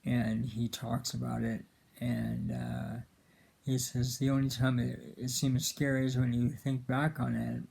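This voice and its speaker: A man giving a casual, earnest film commentary, halting often with fillers and restarts. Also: medium pitch, flat delivery, gravelly, darkish tone, breathy edge. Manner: earnest and emotional about the film.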